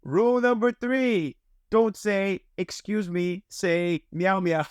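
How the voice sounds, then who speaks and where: A man imitating a chirpy young woman who works as a maid cafe hostess, reading out house rules in a slow, sing-song, halting way. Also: high voice, smooth, dry recording, clean studio sound, voice pushed up.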